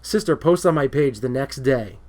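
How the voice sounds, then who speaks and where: A man co-hosting a casual movie talk show, rambling and getting excited when he retells a story. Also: mid-range voice, normal speed. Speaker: podcast co-host.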